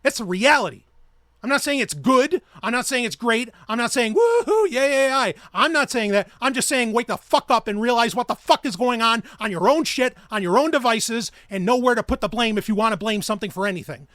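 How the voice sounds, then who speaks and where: A man's voice: extremely high pitch, a little fast, fairly bright tone, dry recording, clean studio sound. A man hosting his own podcast, ranting in a heated, profane and sarcastic way. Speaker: podcast host. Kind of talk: ranting solo podcast talk.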